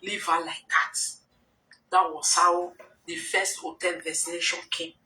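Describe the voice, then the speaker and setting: A woman's voice: fairly low pitch, flat delivery, measured pace, bright, forceful tone, a little hiss or hum. A woman with a Nigerian accent telling a rambling story to her followers in a casual live video, often quoting what others said. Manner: rambling, conversational, slips into quoted dialogue. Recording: roomy echo, distant from mic.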